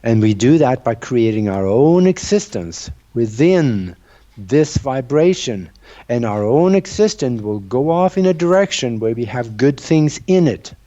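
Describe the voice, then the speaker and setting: A man's voice: mid-range voice, sing-song, a little slow, mellow. A man interviewed as a researcher, explaining his ideas and telling stories in an earnest, conversational way. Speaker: guest researcher. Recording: dull lo-fi sound.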